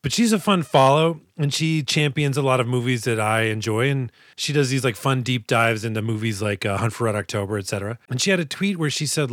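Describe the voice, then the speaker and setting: A man's voice: mid-range voice, fairly quick, few pauses, fairly bright tone, no echo. American guy hosting a movie podcast, jokey and rambly, dry close mic. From United States. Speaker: podcast host. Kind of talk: casual podcast chat.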